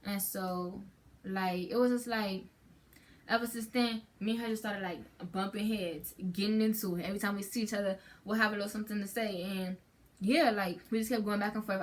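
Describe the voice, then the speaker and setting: A teenage girl chats to her channel, telling a story in a loose, rambling way. She keeps stopping to restart her sentences, and she fills the gaps with "like" and "um". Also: medium pitch. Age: teens. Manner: chatty, rambling with many fillers and restarts. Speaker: vlogger. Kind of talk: casual storytime chat.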